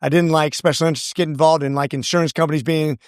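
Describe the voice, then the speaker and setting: A man's voice: a little high, steady tone, rapid-fire, clear, resonant tone, no room sound, clean studio sound. A man being interviewed as a congressman, telling his story in an earnest, rambling way with many restarts. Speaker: congressman guest.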